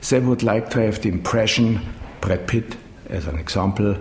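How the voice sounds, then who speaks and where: A middle-aged man who runs a dubbing studio, speaking English with a German accent in an interview, halting and searching for words. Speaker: managing director of a dubbing studio. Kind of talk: interview answers. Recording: echoey room with faint rumble.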